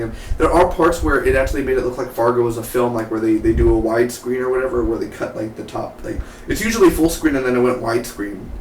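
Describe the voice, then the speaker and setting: A man casually reviewing a TV episode, rambling and enthusiastic, with lots of fillers and "dude" and "man". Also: mid-range voice. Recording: roomy echo from far off the mic, light hiss.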